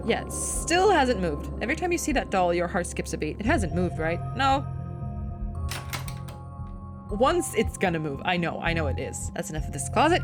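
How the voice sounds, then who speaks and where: A woman's voice: fairly low pitch, sing-song, moderate pace, over music. A woman streamer reading a visual novel aloud, joking, swearing and reacting with squeals and laughs. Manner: playful, crude, bursts into squeals and laughs. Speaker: game streamer.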